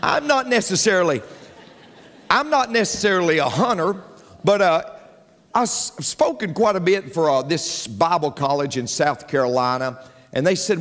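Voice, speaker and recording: A man preaching a sermon as pastor, telling folksy jokes and calling out for amens to his congregation. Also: fairly high pitch. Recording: long hall reverb with faint music.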